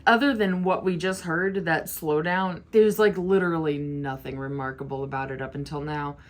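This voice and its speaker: Chatty young woman reacting over loud music. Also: sits low, steady tone, normal speed. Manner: chatty, giggly, gets teary. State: tearful. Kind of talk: casual album reaction. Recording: music playing loudly behind.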